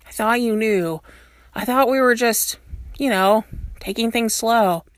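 Woman reading as a gruff, awkward werewolf man, grumbling, close and dry. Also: a little high, measured pace, no room sound, natural voice.

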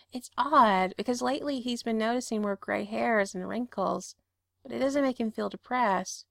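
A woman narrating a story aloud in a calm, steady voice. Her tone has a gravelly fry to it. The recording is close and dry with no room sound. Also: medium pitch, no room sound. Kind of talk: reading fan fiction aloud.

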